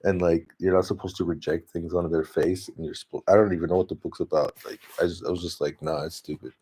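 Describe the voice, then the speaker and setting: A man's voice: sits low, flat delivery, fast, mellow, husky. A man talking in a rambling, casual monologue, often laughing and restarting his sentences. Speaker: vlogger. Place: home, talking to his dog.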